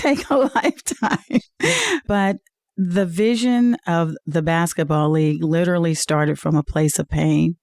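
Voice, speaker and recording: A woman's voice: sits low, a little mellow, clean tone, no room sound, clean studio sound. Earnest woman telling a heartfelt story. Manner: earnest, heartfelt testimony with many "uh"s. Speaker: interview guest, league executive. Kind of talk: personal storytelling in an interview.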